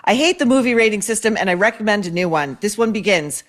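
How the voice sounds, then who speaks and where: A woman's voice: mid-range voice, expressive, fast talker. A woman hosting a show, reading viewer mail and advice letters aloud and reacting with blunt, sarcastic commentary full of swearing. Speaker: host.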